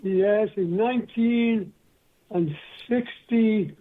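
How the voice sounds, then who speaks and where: A man's voice: high-pitched, takes it slowly. An older man as an interview guest, telling rambling anecdotes and acting out other people's voices. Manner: rambling anecdotal storyteller, acts out quoted voices. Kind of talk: storytelling interview. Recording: tinny phone line.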